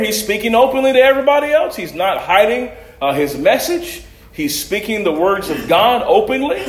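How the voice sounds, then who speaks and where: A man preaching a sermon and reading scripture aloud, swinging from loud, raised passages to soft asides. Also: high-pitched. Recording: echoey room.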